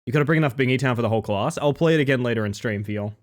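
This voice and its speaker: A man's voice: mid-range voice, rapid-fire. A young man streaming live while a little sick, his voice a bit off, bantering playfully with his viewers. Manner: playful, jokey banter, greeting viewers by name.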